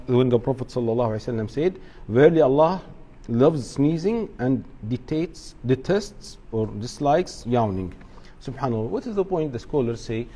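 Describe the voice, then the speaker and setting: A man's voice: mid-range voice, mellow. Man teaching an informal religious class. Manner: explains step by step, repeats key points, mixes in Arabic words.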